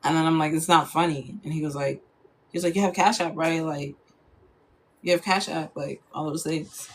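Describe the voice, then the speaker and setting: A woman's voice: deep voice, fairly even intonation, normal speed, a little hiss or hum. A young woman telling a personal story in a casual, chatty way, full of fillers.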